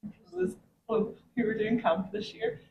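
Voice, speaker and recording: A woman's voice: a little high, unhurried, a little hiss or hum. A woman with a Northern Irish accent animatedly telling funny stories in a casual group chat. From Northern Ireland. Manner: animated storyteller, laughs often. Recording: roomy with voices behind.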